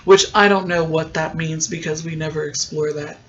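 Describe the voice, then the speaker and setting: A man's voice: on the high side, steady tone, fairly bright tone, muffled recording. A man hosting a podcast, casually recapping a TV episode and acting out bits of dialogue as he goes. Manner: retells scenes with quick quoted voices, chatty. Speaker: podcast host.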